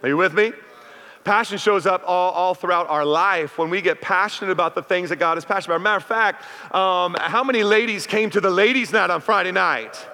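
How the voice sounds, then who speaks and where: High, bright-voiced man preaching in a hall. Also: a little fast. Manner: conversational, with call-outs to the congregation. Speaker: pastor. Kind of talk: sermon. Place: church sanctuary. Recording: reverberant hall.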